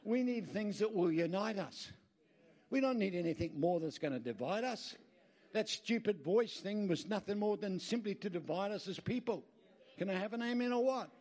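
An Australian man preaches emphatically as a guest at a church, telling folksy stories full of rambling asides and calling out to the crowd for amens. His high voice is expressive and a little mellow, at a moderate pace.

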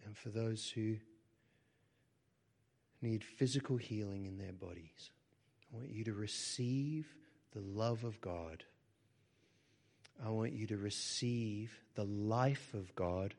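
A pastor leading healing prayer, speaking softly and often sinking into a whisper, then rising into firm declarations. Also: male voice, fairly low pitch, slow pace, gravelly, long pauses. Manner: soft prayerful delivery, often dropping to a whisper; rises to forceful declarations. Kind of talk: prayer ministry sermon.

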